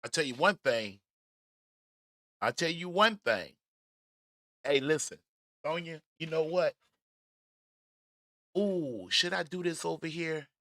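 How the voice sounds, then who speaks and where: A man hosting a casual commentary livestream, talking in an animated, emphatic way with frequent stammers and restarts. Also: a little high, takes it slowly, pauses often, dry recording. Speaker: host.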